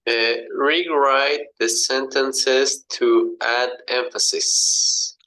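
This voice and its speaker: Very slow, hesitant male student. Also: mid-range voice, steady tone, pushed and bright, poor audio. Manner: hesitant, halting with fillers. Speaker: language student. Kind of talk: classroom answers.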